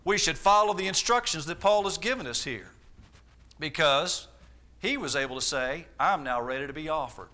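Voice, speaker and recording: A man in his forties delivers a sermon from the pulpit. His voice sits high for a man and rings with a bright, forceful edge. He drives his points home through repetition and rhetorical questions. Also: animated, moderate pace. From Arkansas, US. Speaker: preacher.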